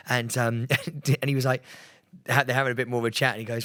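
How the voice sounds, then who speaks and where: Brief: podcast co-host, teasing banter, mid pitch. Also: male voice, fast, no echo. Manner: excitable, sweary banter, teasing interjections. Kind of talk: casual chat.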